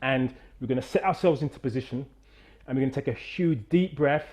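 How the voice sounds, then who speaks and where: Animated man coaching over a video call. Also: medium pitch, brisk. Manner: animated, coaching, strains loudly on repeated counts. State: out of breath after exercise. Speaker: movement coach. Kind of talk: energetic guided demonstration.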